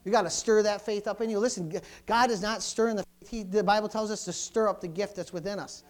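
High-voiced fervent preacher man. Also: fairly even intonation, fast talker. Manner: preaching with surges of loud fervor then dropping low. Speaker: pastor. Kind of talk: sermon.

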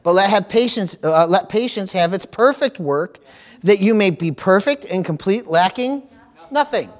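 A pastor with a strikingly high voice gives an expressive sermon at a moderate pace. He leans on call-and-response with his congregation, sprinkling in amens and praise-the-Lords and repeating phrases for emphasis.

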